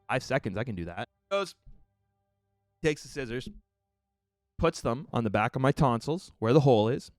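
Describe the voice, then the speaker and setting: A man streamer telling a story in casual talk to his viewers, animated and profane, acting out the people in it. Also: normal speed, long pauses, no room sound, studio quality, soft background music. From Canada. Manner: animated, profane, mimics the doctor in raised pitch.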